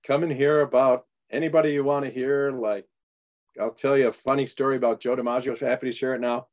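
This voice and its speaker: A man being interviewed as an author, telling animated stories and acting out the dialogue. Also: mid-range voice, fairly quick. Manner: animated anecdotes, acts out quoted dialogue. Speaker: guest author. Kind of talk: storytelling in a radio interview.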